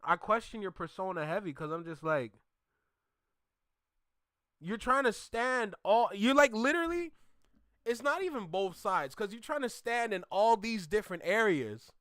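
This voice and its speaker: High bright-voiced man, mocking. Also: normal speed, smooth, dry recording, studio quality. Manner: animated, mocking, laughs often. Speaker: co-host reacting to a clip. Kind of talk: casual commentary.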